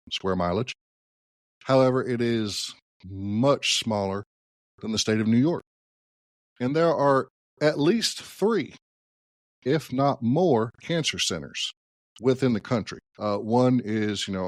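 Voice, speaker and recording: A man's voice: on the low side, no room sound, clean studio sound. A man hosting a solo political podcast, talking conversationally and thinking aloud with hedges and restarts. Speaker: podcast host.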